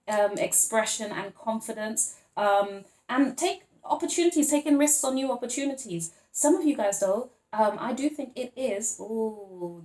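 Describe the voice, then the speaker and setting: This tarot reader has a medium-pitched, darkish voice, captured in a reverberant space with poor audio. Her on-camera reading is loose and playful, wandering from point to point with frequent laughter and fillers as she addresses viewers as honey and babes.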